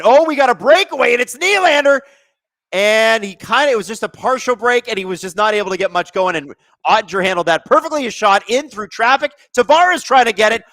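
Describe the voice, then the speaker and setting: A man hosting a live hockey watch-along stream, commenting casually on the play and reading chat, excitable and sarcastic, swearing at the refs. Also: high-pitched, no echo, studio quality.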